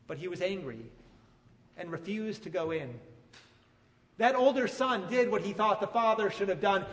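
A man preaching a sermon, retelling a story with animated, emphatic delivery. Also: high voice, moderate pace, long reverb tail. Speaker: pastor.

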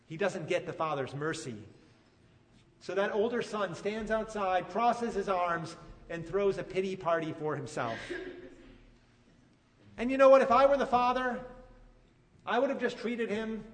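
A man preaching a sermon, retelling a story with animated, emphatic delivery. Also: high voice, a little slow, pauses often, big-room sound. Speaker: pastor.

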